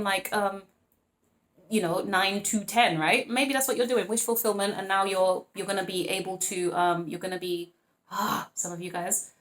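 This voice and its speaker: Woman tarot reader, mid-pitched, loose and playful, lots of ums and laughs, recorded in an echoey room. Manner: playful, rambling, chatty, with frequent laughs and fillers. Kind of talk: casual tarot reading to camera.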